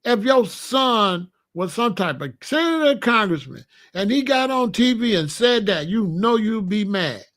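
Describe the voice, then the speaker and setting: Blunt, high-voiced man ranting to viewers. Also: sing-song, measured pace, hardly any pauses, fairly bright tone. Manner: blunt, emphatic, talks straight to viewers. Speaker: commentator. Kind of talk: casual political commentary.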